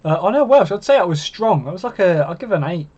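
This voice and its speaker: A man co-hosting a live watch-along, relaxed and full of fillers, calling the play as it happens. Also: high-pitched, quick pace, slightly rough. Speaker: co-host. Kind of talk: casual chat with live darts commentary. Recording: muffled lo-fi audio.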